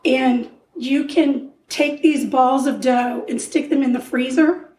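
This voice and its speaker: A woman's voice: high voice, steady tone, slow pace, darkish tone, far from the mic. A woman co-hosting a podcast, casually explaining a baking recipe while losing her voice. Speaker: podcast co-host baking on the show. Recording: echoey room, away from the mic, faint noise.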